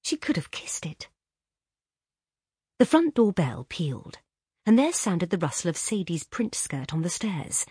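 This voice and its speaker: A woman narrating a classic short story in an expressive, lilting way. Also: lowish voice, measured pace, long pauses, slightly rough, no room sound, studio quality. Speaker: audiobook narrator. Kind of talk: scripted narration.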